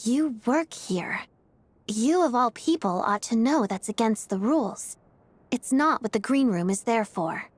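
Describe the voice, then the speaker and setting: A woman's voice: on the high side, lively intonation, a little slow, no room sound. An actress voicing a proud, reserved female stage performer in a video game, cool and dry. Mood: stern.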